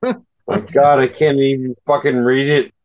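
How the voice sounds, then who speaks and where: A very drunk man co-hosting a podcast, halting and slurring as he reads aloud. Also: mid-range voice, little pitch movement, a little mellow, highs cut off. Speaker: podcast co-host. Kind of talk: drunken casual chat.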